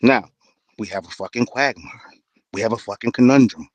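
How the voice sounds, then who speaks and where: A man's voice: medium pitch, a little fast, dry recording, muffled recording. A man arguing angrily on an online call, confrontational and heavy on profanity. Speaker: debate panelist. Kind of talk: heated online debate.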